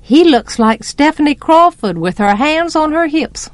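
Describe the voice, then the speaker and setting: A woman's voice: sits high, animated, a little slow, no room sound, voice pushed up. A woman voicing a curious, blunt little girl in a storybook reading, full of questions.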